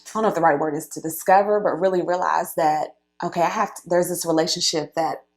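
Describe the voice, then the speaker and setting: A woman in her late thirties tells her story as a guest in relaxed conversation. Her voice sits a little low and carries a gravelly, fried texture. She talks animatedly, with frequent laughs and fillers. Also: quick pace. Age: late 30s.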